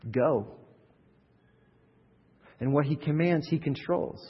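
A man preaching a sermon as pastor, animated and acting out quoted voices, with frequent repeated words. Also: mid-range voice, normal speed, husky. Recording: muffled hall recording from a distance.

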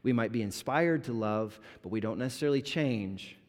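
A man's voice: medium pitch, normal speed. Man preaching in a reverberant hall. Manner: animated, conversational preaching with humor. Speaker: pastor. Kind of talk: sermon. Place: church sanctuary.

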